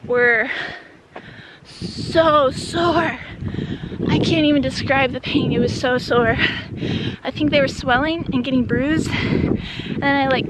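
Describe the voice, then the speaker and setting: A young woman from Wisconsin telling a casual hiking story, chatty and full of "like" fillers, recorded outdoors on a mountain trail. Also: high voice. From Wisconsin, USA. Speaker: hiker vlogger. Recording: outdoor noise in background.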